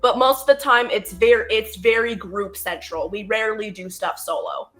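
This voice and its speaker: Excited woman guest, full of ums. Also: mid-range voice, moderate pace, faint music behind. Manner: excited, many filler ums. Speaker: guest, channel lore master. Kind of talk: casual interview.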